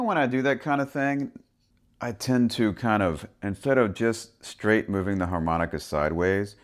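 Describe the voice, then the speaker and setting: A man with a very deep voice teaches a harmonica lesson. He talks through the rhythm in a relaxed way, stopping to sound out short syllables as he explains each part. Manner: relaxed, thinking aloud, speaks rhythm syllables and soft whispers. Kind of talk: instructional explanation with vocal rhythm demonstrations.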